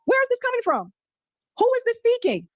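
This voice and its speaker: A woman commentator picks apart a speech clip with incredulous, mocking questions. Her voice sits high and she talks at a brisk pace, recorded close and dry. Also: wildly swooping pitch, dry recording. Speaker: political commentator.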